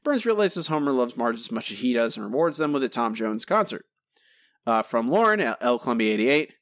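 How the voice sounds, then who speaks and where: A man hosting a podcast, reading listener answers aloud in a relaxed, chatty way with some self-corrections. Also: medium pitch, brisk, dry recording, studio quality. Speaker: podcast host.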